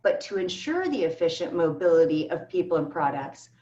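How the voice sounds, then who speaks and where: A woman's voice: on the low side, very animated, fairly quick, warm tone. A woman speaking as a keynote speaker, answering panel questions earnestly and with emphasis over a video call. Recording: echoey, distant, dull video call audio.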